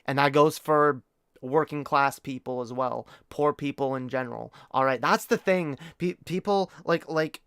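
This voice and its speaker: A man's voice: mid-range voice, moderate pace, fairly bright tone, smooth, no room sound, studio quality. A man talking to his chat on a live stream, rambling and opinionated, swearing casually among lots of fillers and restarts. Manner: earnest and opinionated, addresses chat directly.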